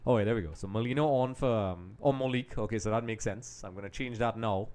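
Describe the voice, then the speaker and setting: A man's voice: fairly low pitch, fast talker, a little mellow. Chatty man hosting a live match watch-along. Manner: chatty, talks straight to viewers as folks; distracted, multitasking while commenting. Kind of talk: casual live match commentary.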